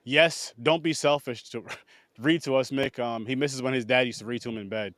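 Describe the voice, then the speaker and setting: A man co-hosting a film podcast, talking excitedly and swearing freely in casual chat. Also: medium pitch, moderate pace, crowd noise. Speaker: podcast co-host.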